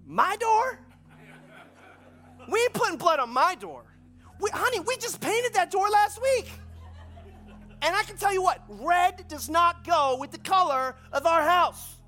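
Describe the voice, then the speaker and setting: A man playing an indignant, house-proud wife who protests loudly and sassily. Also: extremely high pitch, huge pitch swings, racing, few pauses, husky, soft background music, full character voice. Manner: sassy, protesting.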